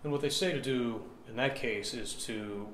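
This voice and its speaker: Chant rhythm is the lesson here: a man walks through it step by step, counts the beats, sings examples, and frequently adds "right?". His voice is mid-range and fairly bright at a normal speed, with slight background noise in an echoey, faintly ambient room.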